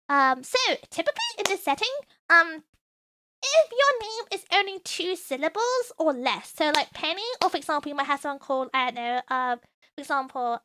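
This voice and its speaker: Young woman streamer: piercingly bright, very high voice, bubbly, apologetic, stumbling over her words. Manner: bubbly, apologetic, stammering restarts. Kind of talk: livestream teaching idol fan chants.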